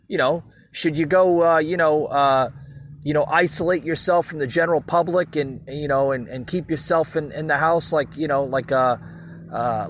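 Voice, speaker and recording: On his solo podcast, a man with a somewhat high voice rambles casually through the news, addressing listeners directly. He uses many fillers and restarts, and there's slight background noise.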